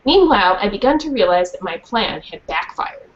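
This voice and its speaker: A woman's voice: medium pitch, normal speed, few pauses. A woman reading a children's book aloud to students and then asking them questions. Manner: lively, questioning a class. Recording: dull lo-fi recording with faint hiss.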